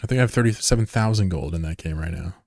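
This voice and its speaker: This low-voiced man talks quickly and sounds a little mellow as he runs his game fleet during a live stream. His casual, offhand chatter rambles along with jokes and swearing. It's recorded dry and close on a desk mic, without room sound.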